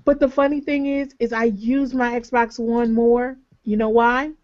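A woman in her thirties co-hosting a casual gaming podcast, chatty and quick to laugh, with plenty of ums. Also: on the high side, level tone, a little mellow, no room sound. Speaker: podcast co-host. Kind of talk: casual chat. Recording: slightly dull lo-fi call audio.

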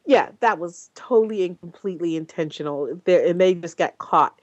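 A woman hosts a casual podcast discussion, her voice sitting fairly low. She talks bluntly and swears freely, stumbling through fillers and restarts as she thinks aloud. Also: normal speed, lo-fi sound. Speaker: podcast host.

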